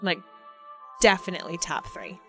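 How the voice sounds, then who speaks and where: A woman's voice: fairly low pitch, very animated, normal speed, faint music behind. Playful woman co-hosting a TV commentary. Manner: playful, teasing, talks to a live audience. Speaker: podcast co-host. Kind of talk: casual live episode commentary.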